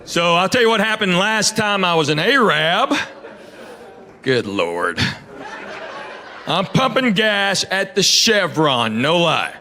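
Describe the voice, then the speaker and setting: A middle-aged stand-up comedian from Knoxville, Tennessee performs on a comedy stage before a live audience, his high-pitched voice bright, forceful, and sing-song. He speaks slowly with long pauses, telling stories with quoted voices and playful asides to the crowd.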